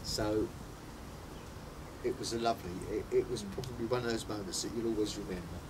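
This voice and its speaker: A man's voice: on the low side, a little fast. A man working as a foster carer, talking earnestly and telling a story in a casual interview. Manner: earnest, storytelling, repeats himself. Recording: distant mic, noisy background.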